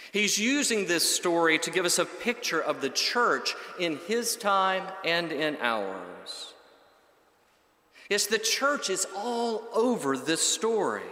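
Slow, bright-voiced man preaching in an echoey hall. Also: fairly high pitch. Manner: measured, emphatic, builds lists. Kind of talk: sermon. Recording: echoey hall with long reverb.

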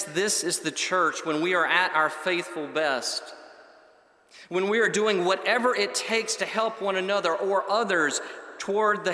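Man, preacher, slow and emphatic, sermon, church sanctuary, long hall reverb. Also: fairly high pitch, pushed and bright. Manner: measured, emphatic, builds lists.

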